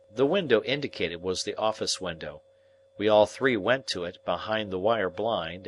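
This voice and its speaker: Low-voiced man narrating an audiobook. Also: fairly bright tone, a little hiss or hum.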